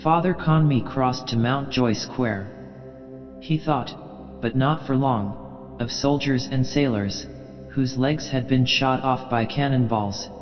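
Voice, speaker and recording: A man narrating a literary audiobook in a measured, unhurried reading. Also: medium pitch. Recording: dull sound with long reverb, faint music behind.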